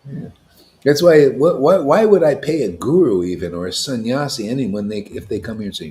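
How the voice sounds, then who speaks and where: A man preaching to a devotional gathering, emphatic and confrontational, with casual slang, swinging between loud declarations and hushed asides. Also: mid-range voice, animated, moderate pace. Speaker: spiritual teacher at a devotee gathering. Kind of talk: impassioned devotional sermon.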